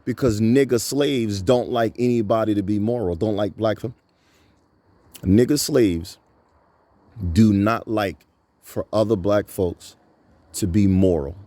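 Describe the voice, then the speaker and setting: A man in his thirties with a lowish, mellow voice delivers a preaching monologue to his audience. He talks emphatically and leans on repetition, piling up phrases like a rally speaker. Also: measured pace, pauses often, no echo. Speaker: channel host.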